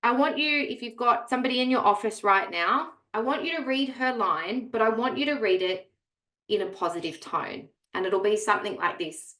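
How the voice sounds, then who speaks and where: Energetic woman presenting, echoey room. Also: on the high side, moderate pace. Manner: energetic, emphatic, directly addressing the audience. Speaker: real estate coach presenting. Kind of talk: webinar presentation.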